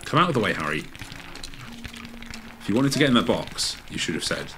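Low-voiced woman, chatty gamer. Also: sing-song, fairly quick, background noise. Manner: chatty, encouraging, narrates the game as she plays. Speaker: gamer playing co-op with a child. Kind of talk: casual co-op game chatter. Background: game music.

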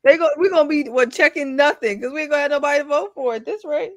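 A woman's voice: sits high, fast talker, no echo, clean studio sound. A woman co-hosting a podcast in casual chat, blunt and opinionated with loose slang. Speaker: podcast co-host.

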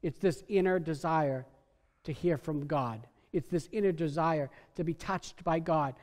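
A middle-aged male pastor preaching a sermon in a church sanctuary, emphatic, swinging between soft and loud. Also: a little high, measured pace, big-room sound.

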